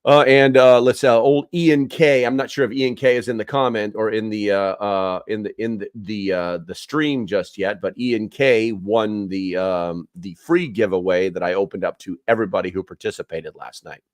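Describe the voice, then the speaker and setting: A man's voice: on the low side, moderate pace, hardly any pauses, no echo, studio quality. A man hosting a casual live stream, rambling with many fillers as he chats with viewers.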